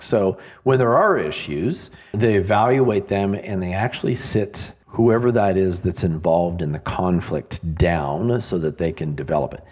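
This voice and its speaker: A man co-hosting a podcast, measured, steering the talk with questions. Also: low-pitched, darkish tone. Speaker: podcast co-host. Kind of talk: podcast discussion.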